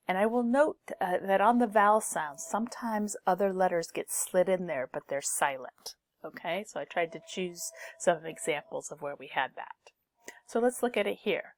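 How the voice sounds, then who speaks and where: A woman teaching a pronunciation lesson, speaking slowly and deliberately and saying each example word twice so learners can copy it. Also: on the low side, lively intonation, no echo, clean studio sound. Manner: slow, deliberate, repeats each word twice to model sounds. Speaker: English teacher.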